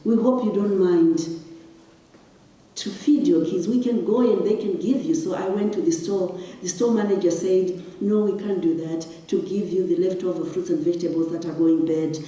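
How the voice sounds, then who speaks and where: A woman's voice: lowish voice, fairly even intonation, normal speed, warm tone. A woman from Zimbabwe giving a talk on stage, telling a personal story with emotion and building to impassioned questions. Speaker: guest speaker. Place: large hall. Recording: echoey hall, distant mic.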